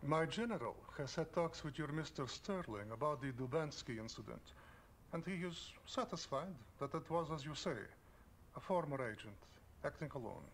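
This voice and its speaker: A man's voice: on the high side, lively intonation, normal speed, slight background noise. An actor with a put-on Russian accent playing a formal male Russian intelligence officer in a spy video game, rolling his R's. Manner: stiff, formal, rolls every R.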